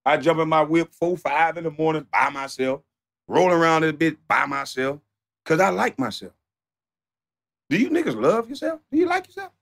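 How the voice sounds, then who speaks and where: A man streaming live, ranting off the cuff in a profane, mocking, animated way that sometimes turns to shouting. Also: a little high, moderate pace, creaky. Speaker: livestreamer. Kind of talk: off-the-cuff livestream rant.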